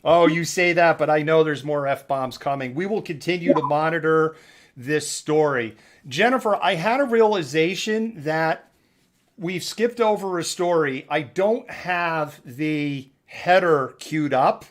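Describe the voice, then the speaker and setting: A male news show host speaks casually with wry asides, his voice a little higher than most men's. He talks into the mic in a relaxed live-stream manner. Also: measured pace. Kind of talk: live online news talk.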